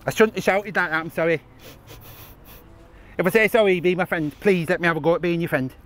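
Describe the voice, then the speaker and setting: A man's voice: animated, slow, a bit bright, heavily acted. A man acting a childish, bossy, hot-tempered grown-up brother in a comedy sketch, whining at his sister outdoors in a park. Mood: pleading, sorry. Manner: bossy, whiny, high childlike voice.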